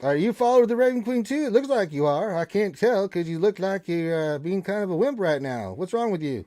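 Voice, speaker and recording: A man's voice: high voice, sing-song, brisk, warm tone. A man voicing a crude, wisecracking male raven who bosses the party around and begs for crackers. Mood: cheeky. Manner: brash, cheeky, bossy. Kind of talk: tabletop role-play voicing.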